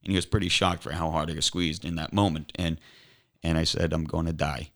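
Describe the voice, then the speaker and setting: A young man, a podcast guest, earnestly retelling a near-death experience, halting and restarting often. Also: low voice, fairly even intonation, fairly bright tone. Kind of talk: emotional personal storytelling.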